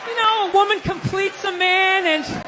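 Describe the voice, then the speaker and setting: A man rambles hesitantly through a stand-up bit in a very high voice. A crowd and noise are heard in the room. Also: steady tone, normal speed. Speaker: comedian. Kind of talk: stand-up comedy. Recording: live stage with crowd.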